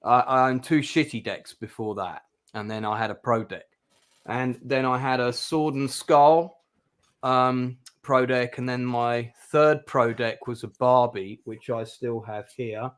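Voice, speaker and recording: A man's voice: mid-range voice, fairly even intonation, measured pace, clean tone. A middle-aged man, hosting a casual live-streamed chat, talking in a rambling, hesitant way with many ums. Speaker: host. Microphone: video call.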